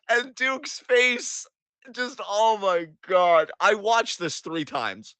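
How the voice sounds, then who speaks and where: Excitable, foul-mouthed man recapping wrestling. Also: high-pitched, drawn-out words, no room sound. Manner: excitable, profane, gleeful, acts out quotes. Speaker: podcast co-host. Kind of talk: casual wrestling recap chat.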